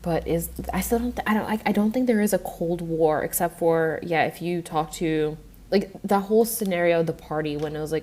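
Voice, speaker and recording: A woman from Eastern Europe co-hosting a podcast, chatty and quick to laugh, with lots of fillers. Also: fairly low pitch, darkish tone. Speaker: podcast co-host. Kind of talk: casual podcast chat.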